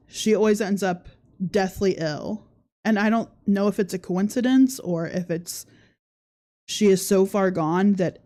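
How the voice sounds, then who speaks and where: A woman's voice: mid-range voice, dark tone. A woman hosting a casual livestream podcast, commenting sarcastically and often laughing as she talks and reads viewer comments. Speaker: podcast host.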